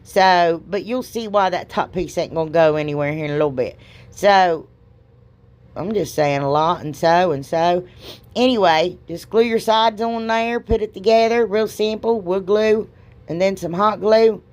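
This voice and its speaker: A woman's voice: fairly low pitch, moderate pace, darkish tone. A middle-aged woman, rambling and joking at herself as she narrates a craft project with folksy exclamations. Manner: chatty, rambling, self-deprecating, folksy exclamations. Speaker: craft video host. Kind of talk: casual crafting voice-over.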